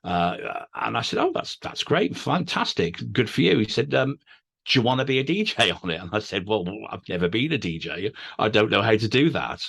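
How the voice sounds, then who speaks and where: A man talks quickly and eagerly in a tenor voice, his tone bright and forceful. He chats casually as an interview guest, tumbling over his words and poking fun at himself. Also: lowish voice, creaky. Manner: naturally very fast talker, animated, self-deprecating. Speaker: guest radio DJ and author.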